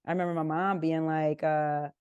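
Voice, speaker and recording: A woman's voice: deep voice, normal speed, smooth, no room sound, highs cut off. A young woman from Southern California, a podcast guest telling candid stories in casual interview talk and acting out her family's lines. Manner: candid, animated, acts out family members' lines.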